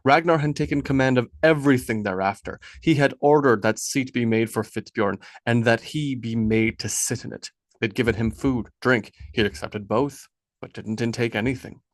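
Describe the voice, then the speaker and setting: A man narrating an audiobook in a measured, solemn way. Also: mid-range voice, no room sound. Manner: measured, solemn, dropping soft on sad lines. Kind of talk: scripted narration.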